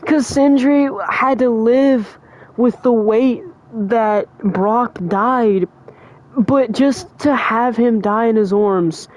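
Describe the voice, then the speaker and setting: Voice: mid-range voice, slow, darkish tone. A young adult streamer talking casually and emotionally, full of fillers like "like" and "bro". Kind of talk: casual livestream chat.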